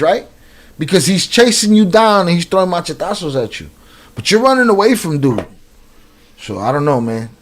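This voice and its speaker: A man giving casual, slangy reaction commentary on a video, joking and laughing as he talks. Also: a little high. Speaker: reaction streamer.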